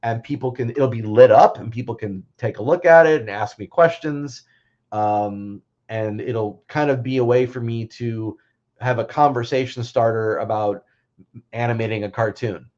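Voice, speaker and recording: A man's voice: mid-range voice, normal speed, a little mellow, dull audio. A man hosting a casual livestream, chatting in a rambling way with many fillers and restarts. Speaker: livestream host.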